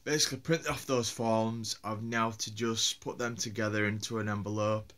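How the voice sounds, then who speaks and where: A man's voice: on the low side, steady tone, normal speed, a bit bright. A man from Yorkshire with a Yorkshire accent, vlogging on his own in a rambling, hesitant way with many fillers and restarts. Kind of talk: casual solo vlog.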